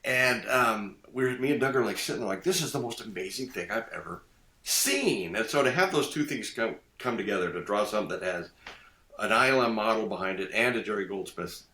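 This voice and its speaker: Animated older man with a bright voice. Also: fairly low pitch, fairly quick, echoey room. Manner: animated, acts out quoted voices, laughs often. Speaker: guest designer. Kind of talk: casual podcast storytelling.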